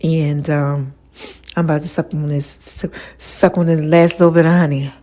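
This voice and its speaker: A woman hosting her own podcast, talking casually and chattily with slang, swinging between loud laughing bursts and low murmurs. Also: little pitch movement, moderate pace. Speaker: podcast host. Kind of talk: casual rambling monologue. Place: room with lights and a mirror.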